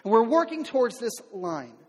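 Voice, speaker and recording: A middle-aged man, a pastor, preaching a sermon in a conversational way, repeating words and building to loud emphatic peaks. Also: extremely high pitch, sing-song, normal speed, husky. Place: church sanctuary. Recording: long hall reverb.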